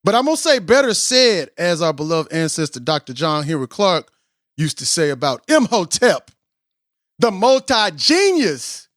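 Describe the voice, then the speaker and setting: Hyped-up man hosting a podcast, high voice. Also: normal speed, no echo, clean studio sound. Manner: hyped and playful, keeps telling himself to calm down; slurs and stumbles on names. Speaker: podcast host. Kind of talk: excitable casual podcast interview.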